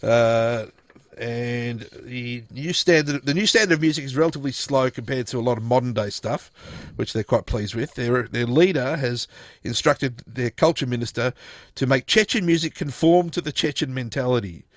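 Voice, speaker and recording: A man's voice: medium pitch, moderate pace, dry recording. A man presenting a radio show, chatting casually through odd news stories in a rambling, jokey way with lots of restarts. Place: radio studio.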